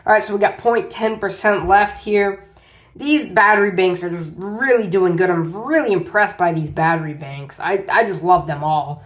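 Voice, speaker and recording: A man's voice: sits high, moderate pace, fairly bright tone. Man rambling through a gadget review. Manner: rambling, repeats "as you can see". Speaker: tech reviewer. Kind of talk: casual product review vlog.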